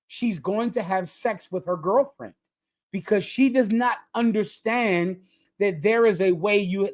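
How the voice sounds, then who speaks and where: A man leading a livestreamed religious lesson, preaching emphatically in a lecturing, repetitive cadence. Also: sits high. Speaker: religious group leader.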